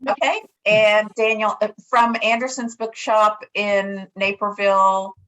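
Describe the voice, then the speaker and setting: A woman hosting a virtual book event over a video call, speaking haltingly with many fillers. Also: medium pitch, flat delivery, a bit bright. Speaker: host. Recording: dull lo-fi video-call audio.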